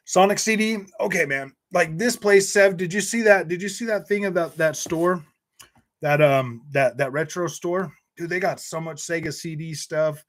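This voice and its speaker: A man's voice: a little high, unhurried. Chatty man reading live chat. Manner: chatty, joking, many restarts and fillers; laughs often. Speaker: gaming channel host reading live chat. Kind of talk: casual live-stream chat.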